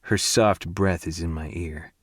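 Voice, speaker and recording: A man narrating a first-person romance audiobook in an intimate, hushed and breathy way. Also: sits low, fairly even intonation, a little slow, no echo, clean studio sound.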